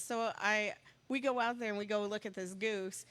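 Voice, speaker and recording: A woman in casual conversation who tells a story in long, rambling runs and talks herself into excitement. Her voice sits at an ordinary middle pitch for a woman. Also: normal speed, clear, resonant tone. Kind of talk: casual chat.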